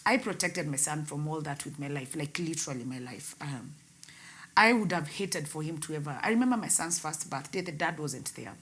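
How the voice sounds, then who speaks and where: A young woman telling her painful personal story in an interview, her voice swinging between loud outbursts and hushed words. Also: low-pitched, lively intonation, a little fast, few pauses. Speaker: guest, radio host.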